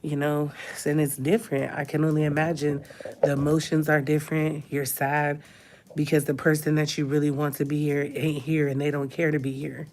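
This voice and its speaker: A woman's voice: sits low, flat delivery, normal speed, darkish tone, slight background noise. A woman, crying as she talks openly in a personal vlog from a hospital room. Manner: tearful, talks through crying. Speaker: vlogger.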